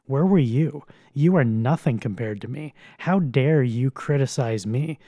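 A man's voice: medium pitch, measured pace, dark tone, no room sound. A man doing God, a stern rebuking deity. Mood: indignant. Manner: indignant, demanding rhetorical questions.

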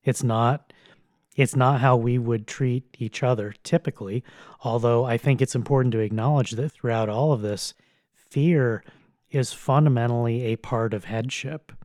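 A man's voice: medium pitch, fairly even intonation, normal speed, darkish tone, no echo, studio quality. A man teaching on a Bible passage in a casual, conversational and blunt way, with occasional chuckles.

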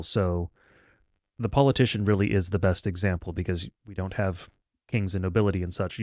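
A man with a low voice hosts a religious podcast, talking through doctrine in a plain, blunt, explanatory manner. The sound is dry and close, with no room echo. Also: darkish tone. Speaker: podcast host. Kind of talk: spoken commentary on scripture.

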